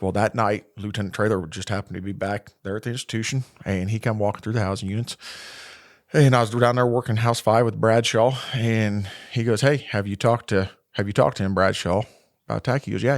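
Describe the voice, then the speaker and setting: A man with a low Midwestern voice tells a story as a podcast guest. He rambles easily and starts lines over as he goes. The sound is dry and close. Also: brisk, dry recording. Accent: Midwestern American. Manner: relaxed, rambling, many fillers and restarts. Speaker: podcast guest, corrections lieutenant. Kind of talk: casual storytelling interview.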